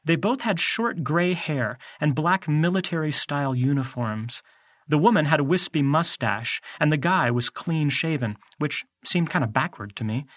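A man's voice: a little high, animated, normal speed, a bit bright, no echo, studio quality. A man narrating a first-person audiobook in a wry, conversational way.

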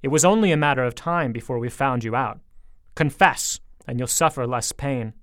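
A sinister schoolteacher who is secretly a monster, as a man puts her on. Her words come hard, threatening and mostly loud. The sound is dry and close. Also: mid-range voice, normal speed, dry recording, natural voice. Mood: menacing. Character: menacing middle-aged woman teacher, secretly a monster.

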